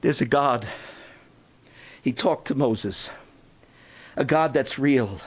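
A man with a medium-pitched voice preaches a sermon, swelling into shouted, drawn-out proclamations before sinking to a hushed appeal.

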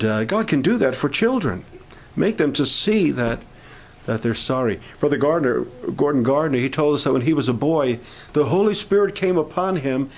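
A man leading a camp prayer meeting, speaking in an informal, halting sermon style with restarts and growing fervor. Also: on the high side, a little mellow, poor audio.

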